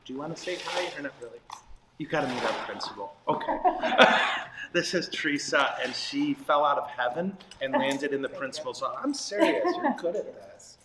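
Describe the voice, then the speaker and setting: A man who is a priest, talking casually and playfully on a livestream. His voice sits at a middle pitch. He pokes fun at himself and laughs easily. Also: big pitch swings, normal speed, a loud crowd. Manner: playful, self-deprecating, chuckles often.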